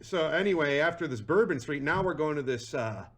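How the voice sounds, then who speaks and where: A young adult man hosting a podcast, chatting in an animated, laughing, self-deprecating way. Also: a little high, fairly quick, slight background noise. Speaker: podcast host. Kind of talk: casual chat.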